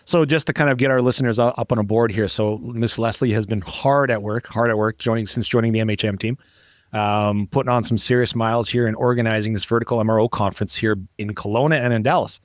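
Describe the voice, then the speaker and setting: A man's voice: lowish voice, fairly even intonation, fast, no echo, clean studio sound. A man hosting a podcast in casual chat, joking around and rambling with plenty of fillers. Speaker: podcast host.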